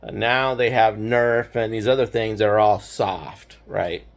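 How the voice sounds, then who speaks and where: A man's voice: fairly low pitch, steady tone, a little slow. An older man telling a childhood memory in a loose, rambling way, often checking in with "right?" and laughing wryly at the grim parts. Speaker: grandfather storyteller. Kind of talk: casual personal storytelling.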